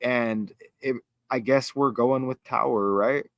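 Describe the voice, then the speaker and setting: A man hosting a casual livestream chat, excitable and rambling, thinking aloud as he reads. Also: mid-range voice, slow pace, no room sound. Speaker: host.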